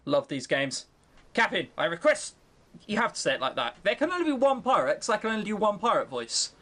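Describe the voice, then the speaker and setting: This fast-talking young streamer has a mid-range, slightly bright voice with big pitch swings. Hosting a let's-play at home on webcam, they read a visual novel aloud and poke fun at it in a chatty, sarcastic manner. The desk mic is close.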